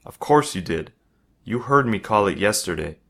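A man reading a story aloud, voicing a crude, mocking schoolboy bully in his own low voice. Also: lively intonation, normal speed, gravelly, fairly bright tone, full character voice. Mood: taunting. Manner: taunting, crude.

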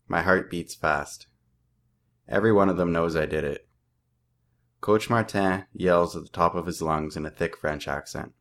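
Very deep-voiced young man reading his story. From southern Ontario, Canada. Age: 20s. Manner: plain, steady reading with small slips. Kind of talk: reading first-person fiction aloud.

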